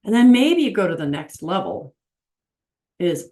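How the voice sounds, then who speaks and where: A middle-aged woman with a slightly low voice talks about faith and marriage in a casual teaching monologue. She is earnest and emphatic, repeating her key lines and acting out the people she quotes. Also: big pitch swings, measured pace, long pauses, warm tone.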